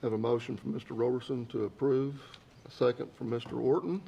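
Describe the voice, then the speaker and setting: A man chairs a council meeting with a gravelly voice. He moves through motions and votes in a formal, procedural way. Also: mid-range voice, steady tone, brisk, mellow.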